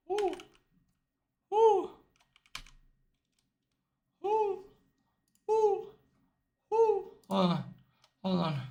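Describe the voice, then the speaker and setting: A man's voice: high voice, gravelly, fairly bright tone, reverberant. A man live-streaming in a brash, boastful, profane way, tired out. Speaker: livestreamer. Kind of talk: casual live-stream chat.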